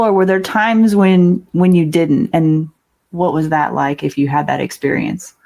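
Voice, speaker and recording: A woman hosting an interview who asks gentle questions and affirms her guest. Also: deep voice, a little slow, vocal fry. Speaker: podcast host. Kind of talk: interview conversation.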